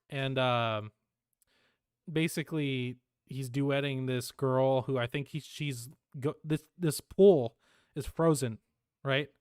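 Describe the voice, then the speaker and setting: A man's voice: a little high, clean tone, dry recording, clean studio sound. A young man co-hosting a casual podcast, laid-back and laughing often as he plays clips. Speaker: podcast co-host.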